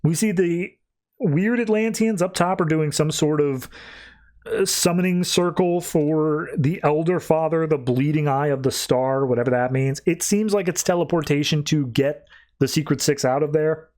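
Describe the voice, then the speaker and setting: A chatty man recapping a comic book in a casual podcast. His voice sits a bit higher than most men's. He rambles along with plenty of fillers. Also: moderate pace, a little mellow. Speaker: podcast host.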